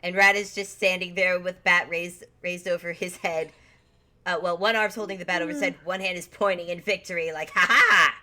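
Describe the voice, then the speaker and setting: A woman's voice: on the low side, steady tone, fairly quick, pushed and bright. A woman running a tabletop game as game master, narrating with frequent giggles. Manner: giggly, laughs often.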